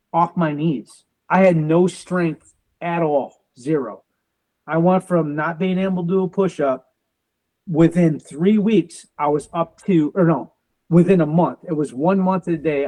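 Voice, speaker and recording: A man's voice: a little high, a little mellow, rough recording. A man, a military veteran, telling his story in an interview, acting out the dialogue and sounding defiant and determined.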